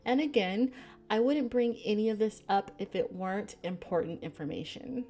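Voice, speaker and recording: A woman hosting a casual film breakdown, chatty and animated with frequent laughter. Her voice sits in a middle register, easygoing and conversational. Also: medium pitch, normal speed. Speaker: film reviewer, channel host. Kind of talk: casual film review narration.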